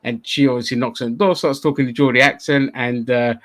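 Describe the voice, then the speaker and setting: A man's voice: mid-range voice, fairly even intonation, quick pace, a bit bright. A man from London hosting a casual podcast chat, rambling and swearing freely, often laughing. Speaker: podcast host.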